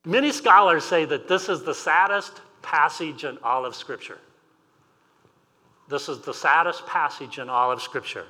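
An older man preaches to his congregation with a bright, forceful voice that rings through a large sanctuary. He reads scripture aloud and moves into personal stories with gentle humor. The long reverb of the hall trails each phrase. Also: a little high, normal speed. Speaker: pastor. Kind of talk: sermon. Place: church sanctuary.

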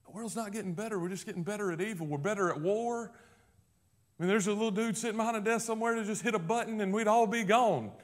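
A male pastor preaching a sermon, swinging from loud emphatic declarations to hushed, low passages. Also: quick pace.

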